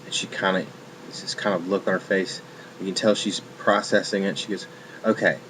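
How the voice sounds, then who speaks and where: Deep-voiced man rambling through a review. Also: level tone, brisk, background noise. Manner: rambling, many ums and restarts. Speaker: film reviewer. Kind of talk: casual spoken film review.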